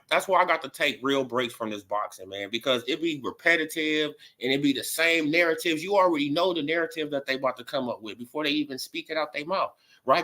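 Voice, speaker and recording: A man ranting casually about boxing on a livestream, full of laughs and repeated fillers. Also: on the high side. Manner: laughing, animated, repetitive fillers. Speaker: boxing commentator.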